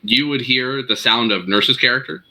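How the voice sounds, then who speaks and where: Bright-voiced male game master. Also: mid-range voice, moderate pace, rough recording. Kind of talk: narrating a tabletop game.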